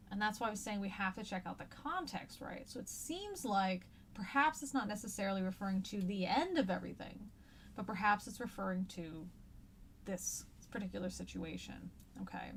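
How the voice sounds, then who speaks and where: A woman teacher giving a casual, chatty lecture, paraphrasing old texts in slangy everyday words. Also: mid-range voice.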